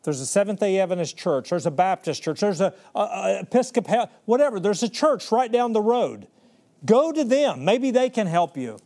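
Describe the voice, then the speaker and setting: A man preaching voices Jesus as a casual modern man who brushes someone off, chatty and growing louder. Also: high voice, a little fast, creaky, few pauses. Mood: breezy. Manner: offhand, chatty, climbing louder.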